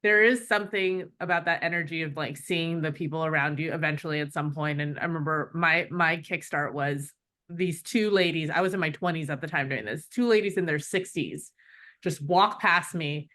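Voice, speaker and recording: Low-voiced woman sharing a marathon memory. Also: sharp tone. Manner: supportive, laughing, quick back-channel replies. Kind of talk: casual chat.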